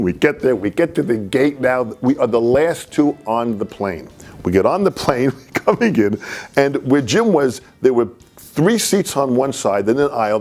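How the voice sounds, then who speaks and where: Man, animated storyteller, laughing through a personal anecdote, mid pitch.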